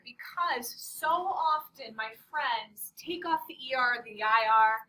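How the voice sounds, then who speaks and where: A woman teaching a Spanish class, playful and animated, quizzing her students as she goes. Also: high voice, slow pace, hardly any pauses. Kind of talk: classroom lesson. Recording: distant classroom mic.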